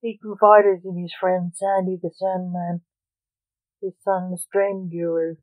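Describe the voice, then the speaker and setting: A narrator reading an audiobook story in a slow, even delivery. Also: mid-range voice, no room sound. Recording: narrow phone-like sound.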